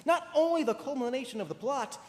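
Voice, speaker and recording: A man's voice: very high-pitched, lively intonation, fairly quick, darkish tone. A young man playing a lonely middle-aged musical fan who confides in the audience in a wry, musing way. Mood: wistful. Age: teens. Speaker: narrator. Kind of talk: stage musical acting. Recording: reverberant auditorium stage.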